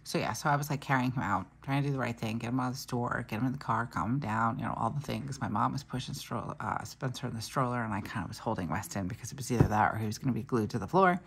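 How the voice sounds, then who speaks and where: Very low, gravelly-voiced woman chatting. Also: quick pace, hardly any pauses, slight background noise. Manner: chatty, storytelling, trails off into asides. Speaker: planner vlogger. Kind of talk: casual chat while planning.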